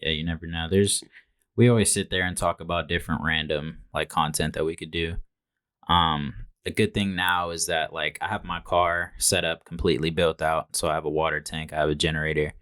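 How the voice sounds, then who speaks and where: Very deep-voiced young man, calm and plain. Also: a little fast, smooth, no echo, studio quality. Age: young adult. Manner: calm, plain-spoken, many ums and likes. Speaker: guest, small business owner. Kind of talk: casual interview.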